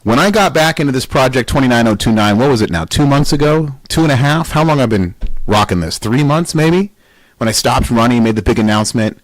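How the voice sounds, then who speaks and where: A man's voice: medium pitch, expressive, fairly quick, no echo, low-quality recording. A man hosting a weightlifting podcast in a casual, motivational monologue. He is emphatic and blunt, swears, and fires off rhetorical questions.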